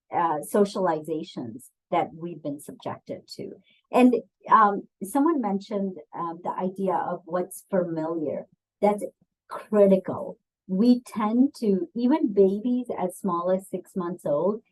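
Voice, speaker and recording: A diversity and bias trainer presents a webinar on bias, speaking conversationally with frequent ums and asking her audience questions. Her voice is mid-range with a darkish tone, and the recording quality is low.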